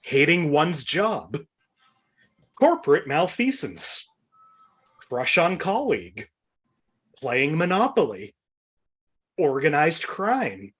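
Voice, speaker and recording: Animated Boston-accented man hosting a game show. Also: on the high side, slow, pauses often, husky. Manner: rambling, laughs often, many fillers. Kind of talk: casual comedic game show banter.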